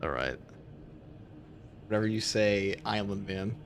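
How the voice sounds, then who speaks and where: A man's voice: lowish voice, animated, a little slow, slight background noise. A man with a New York accent, chatting bluntly and jokingly on a gaming stream. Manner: blunt, joking, swears casually. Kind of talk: casual gaming stream chat.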